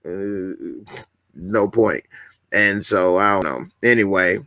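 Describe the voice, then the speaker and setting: A man's voice: low voice, slow, bright, forceful tone, dry recording, studio quality. A man casually hosting a live stream, chatting with viewers, greeting commenters and laughing often. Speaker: YouTube host.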